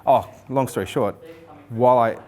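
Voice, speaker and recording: A man in his forties telling his life story in an interview, animated, swearing freely and acting out what people said. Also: mid-range voice, moderate pace. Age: 40s. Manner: animated, swears freely, acts out quoted speech.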